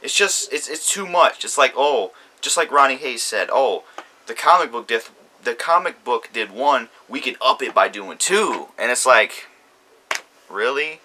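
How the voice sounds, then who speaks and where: A man's voice: mid-range voice, lively intonation, a little slow, pushed and bright, a little hiss or hum. A man ranting about a TV show premiere, heated, profane and repeating himself. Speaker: YouTube commentator. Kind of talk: ranting TV reaction.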